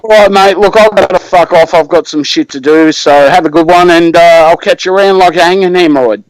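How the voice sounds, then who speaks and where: This is an Australian man calling in to an online show, his voice sitting a touch high for a man. He talks in laid-back, slangy, profane chat, and the sound is dry with no room behind it. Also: brisk, no room sound, poor audio. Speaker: caller. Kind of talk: casual chat.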